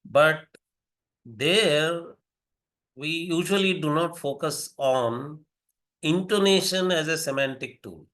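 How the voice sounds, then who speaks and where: A man giving an academic lecture, deliberate and repeating key phrases for emphasis. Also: on the high side, a bit bright.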